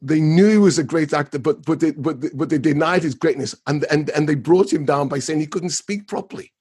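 A man's voice: fairly high pitch, a little fast, a little mellow, husky. A man, an artist co-hosting a podcast, talking earnestly and emphatically. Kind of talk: podcast discussion.

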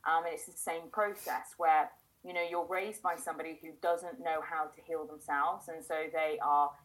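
Low-voiced woman explaining trauma patterns. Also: steady tone, a bit bright, rough recording. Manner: measured, explanatory, with many fillers. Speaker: therapist and podcast host. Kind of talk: reflective explanatory talk.

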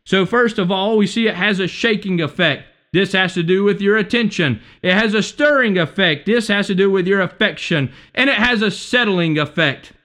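A man's voice: high-pitched, normal speed, few pauses, sharp tone. A man preaching a sermon, fervent and emphatic, repeating and stacking alliterative points, with many restarts.

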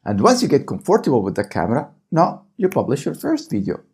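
A man's voice: medium pitch, wildly swooping pitch, brisk, darkish tone, husky. A man giving coaching advice to camera in a vlog, often checking in with his viewers. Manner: coaching, keeps checking in with "okay?" and "right?". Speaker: small business YouTuber.

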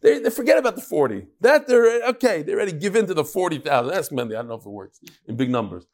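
A man's voice: fairly high pitch, fast. A man teaching a Talmud class to a live audience into a microphone, joking and acting out the people in his stories. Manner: animated, joking storyteller acting out quoted speakers. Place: lecture room with live audience.

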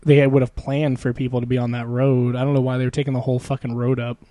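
A man's voice: mid-range voice, little pitch movement, fast talker, warm tone, no room sound. A young man chatting casually with a friend, rambling, swearing a lot and laughing often. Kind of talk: casual chat.

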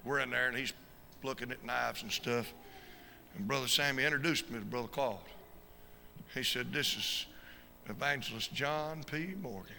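A man preaching a fervent sermon as an evangelist, swinging from shouted peaks to quiet storytelling. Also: medium pitch, normal speed, gravelly, long pauses. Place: church sanctuary. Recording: reverberant church hall with faint noise.

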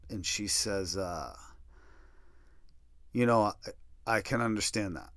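A middle-aged man with a fairly low voice tells a personal story as a podcast host. He speaks softly and haltingly, pausing often, and he is emotional. The recording is dry and close, with no room echo. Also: lively intonation.

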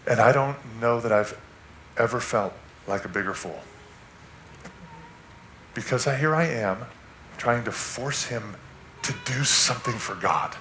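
A male preacher telling a story from the pulpit, swinging between loud, animated bursts and hushed passages. His voice is bright and forceful, carried by the echo of a church hall, with faint noise underneath. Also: medium pitch, measured pace, pauses often. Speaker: guest preacher. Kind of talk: sermon with personal story. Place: church sanctuary.

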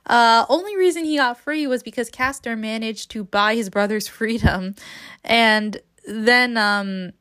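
A woman's voice: fairly high pitch, a little slow, fairly bright tone. A woman hosting a podcast, recapping a book in a casual, rambling way with sarcastic asides and frequent laughs. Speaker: podcast host.

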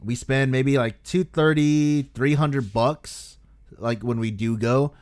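A man's voice: medium pitch, slow pace, darkish tone, no echo. An enthusiastic young man chatting on a podcast, casual and loose with his language. His voice is recorded dry and close, with no room sound around it. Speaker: podcast co-host. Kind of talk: casual chat.

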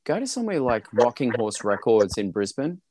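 A relaxed man co-hosting a podcast, talking in easy casual chat with plenty of swearing. His voice sits at an ordinary middle pitch. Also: a little fast, no echo, rough recording. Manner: laid-back, swearing, says dude a lot. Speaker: podcast co-host.

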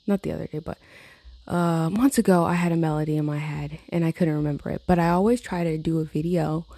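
A woman's voice: low voice, steady tone, a little fast, warm tone, no echo. A woman, rambling in a casual vlog about her songwriting, swearing and laughing often. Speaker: songwriter vlogger. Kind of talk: casual chat to camera.

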